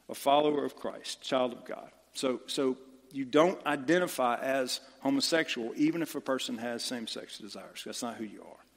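A man's voice: mid-range voice, long reverb tail. A man preaching a sermon as pastor, impassioned and emphatic, repeating phrases to drive his point home.

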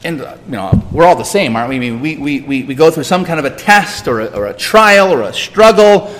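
A male pastor preaches with a high voice that leaps across a wide range. He hammers points home by repeating phrases and quizzing the congregation. His voice rings out in a church with a long reverb. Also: lively intonation, brisk, a bit bright, a little hiss or hum. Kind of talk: sermon.

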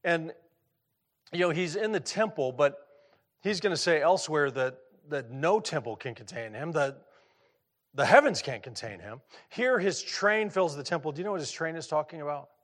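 Middle-aged male pastor, fairly high voice, chatty preaching style with questions for the room. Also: lively intonation, moderate pace, fairly bright tone. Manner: conversational, asks the audience questions; repeats words when restarting. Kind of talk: sermon.

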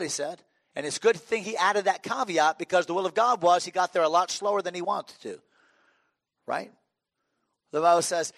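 In this dry recording, a middle-aged man preaches as a pastor, spinning funny stories conversationally with frequent restarts. His voice sits on the high side with a creaky, fairly bright quality, and he keeps a moderate pace.

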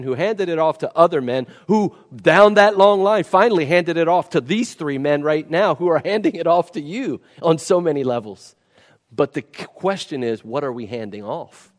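A man preaching a sermon, emphatic and repeating key words for stress. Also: on the high side. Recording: long reverb of a large hall.

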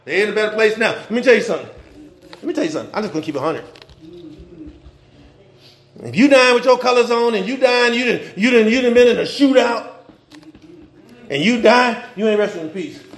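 A male pastor delivering a casual, humorous sermon full of slang, swinging between loud bursts and quiet asides. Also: high-pitched, animated, brisk, long pauses, roomy sound. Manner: informal preaching with slang and humor, rising and dropping in intensity.

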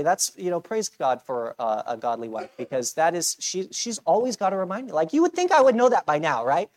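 A man's voice: high-pitched, expressive, a little fast, hardly any pauses. A man preaches in a church, talking to his congregation as if chatting. He jokes at his own expense and keeps checking in with "right?" between his points. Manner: conversational preaching, self-deprecating humor, frequent "right?". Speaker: pastor. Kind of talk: sermon.

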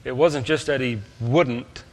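A male preacher delivers a sermon in a middle-pitched voice. His delivery is emphatic, rising to loud, stressed points and then dropping to quiet asides. A long reverb hangs behind him, as in a large church hall. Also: slow pace.

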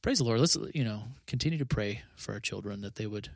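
A pastor talks in a relaxed podcast conversation, his voice low and gravelly. He speaks earnestly, often restarting his phrases and tucking in 'you know', and the sound is close and dry with no room around it. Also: fast talker, no echo.

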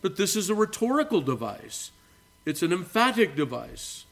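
A male pastor preaching a sermon to his congregation, earnest and emphatic, slowing down on key words and swinging between soft low asides and raised phrases. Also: very animated, creaky. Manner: addresses the congregation as beloved. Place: church.

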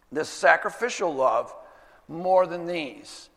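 Pastor guy preaching, high voice, leans hard on key words, long church echo. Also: expressive, sharp tone. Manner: earnest, emphatic teaching with slowed stresses. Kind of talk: sermon.

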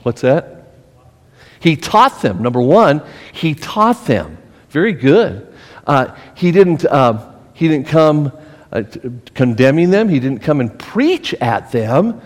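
A middle-aged man teaching a Bible study as pastor, animated and asking his listeners questions. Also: on the high side, slow pace, big-room sound. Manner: animated, asks the group questions, acts out scolding voices.

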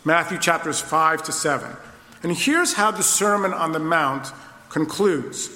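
A man's voice: fairly high pitch, pushed and bright, echoey room, in a large hall. A man preaching an expository sermon, asking the listeners rhetorical questions. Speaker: pastor.

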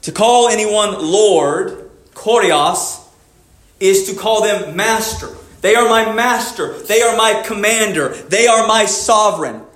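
A pastor preaches to his congregation in a high, clear voice. He drops low and slow for reflective questions, then lifts into emphatic repetition. The room around him rings with echo. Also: fairly bright tone. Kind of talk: sermon.

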